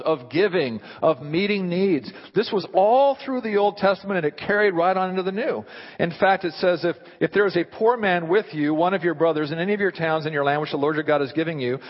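Pastor, slightly high voice, animated sermon delivery, long hall reverb, muffled lo-fi audio. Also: male voice, fairly quick. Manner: animated, asks the listeners rhetorical questions.

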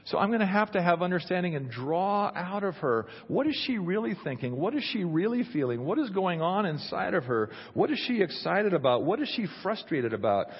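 A man's voice: high voice, very animated, fairly quick, hardly any pauses, slightly rough. A middle-aged male pastor preaching a sermon in a conversational, humorous way, acting out little quotes. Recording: dull recording with long hall reverb.

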